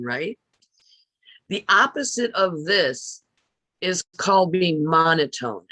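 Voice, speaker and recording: A woman teaching public speaking in a recorded lecture, stressing words deliberately and often asking her listeners questions. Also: sits low, a bit bright, no room sound. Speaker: speech teacher.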